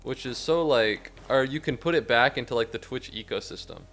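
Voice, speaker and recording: A man's voice: medium pitch, a little fast, fairly bright tone. A young man streaming a game, rambling and sarcastic, swearing a lot and yelping suddenly at the game. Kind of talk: casual gameplay commentary.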